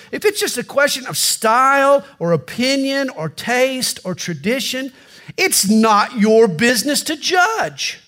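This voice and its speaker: A male pastor preaching a sermon, with animated storytelling and touches of humor. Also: very high-pitched.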